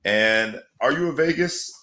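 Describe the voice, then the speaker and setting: A man's voice: mid-range voice, expressive, a little slow, bright, forceful tone. A man hosting a sports talk show, theatrical and rhyming with big swings in emphasis. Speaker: host. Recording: echoey room.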